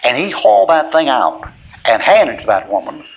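Very animated, his mid-range voice gravelly, a middle-aged male preacher tells folksy, plainspoken church stories at a moderate pace, frequently chuckling. It was recorded on dull lo-fi tape with a faint hiss.

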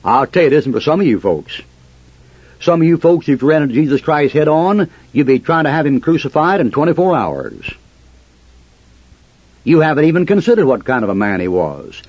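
A man's voice: a little high, very animated, brisk, a little mellow, slightly rough, no room sound. A man preaching a fiery sermon in a combative way, firing rhetorical questions at his listeners. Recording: muffled lo-fi recording.

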